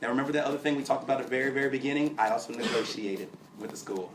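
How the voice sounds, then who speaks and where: A man telling a lively story to a live audience and acting out the dialogue. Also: mid-range voice, rapid-fire. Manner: animated, acts out dialogue from his story. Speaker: admissions director giving a talk. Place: large hall with an audience. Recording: roomy hall, voice from far off, noisy.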